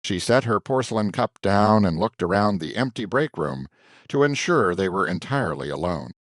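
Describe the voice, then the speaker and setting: Deep-voiced man narrating a story. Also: normal speed, no echo, studio quality. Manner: even, descriptive storytelling.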